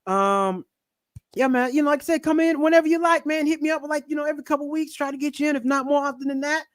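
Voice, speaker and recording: A man hosting a relaxed live-stream chat, talking loosely and swearing without a second thought. His voice sits high for a man. The sound is dry and close. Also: fast, dry recording. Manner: laid-back, swears casually. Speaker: livestream host.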